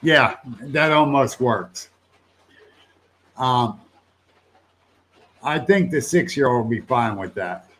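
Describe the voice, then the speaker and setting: A man's voice: medium pitch, expressive, slow pace, long pauses, a bit bright. An older man hosting a casual livestream, rambling in a folksy way, laughing often and swearing now and then as he answers viewers. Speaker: livestream host.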